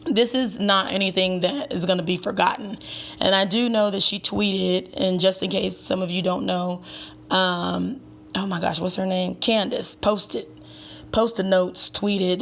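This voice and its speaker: A woman's voice: mid-range voice, steady tone, measured pace, vocal fry. A woman giving a sassy, chatty recap with emphatic asides, as the host of her own channel. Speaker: tarot reader and reality TV recapper. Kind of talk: casual commentary.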